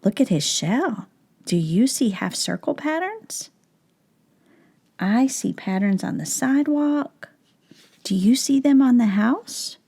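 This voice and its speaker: Slow, gravelly woman reading to kids. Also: on the high side, lively intonation, warm tone. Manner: slow, clear, asks questions of child viewers. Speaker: teacher. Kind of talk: reading a picture book aloud to young children.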